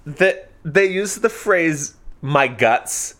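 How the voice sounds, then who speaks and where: A man co-hosting a casual book discussion, animated and often jumping into mimicry of characters. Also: very slow. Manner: animated, mimics characters with big pitch jumps. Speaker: podcast co-host.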